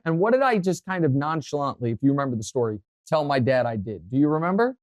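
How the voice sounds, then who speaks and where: A male sports talk host chatting casually in a dry studio with no room echo. He tells stories with animation and pushes his voice higher as he gets fired up. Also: fast, few pauses. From Kansas City area, USA. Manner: animated storytelling, voice rising when worked up.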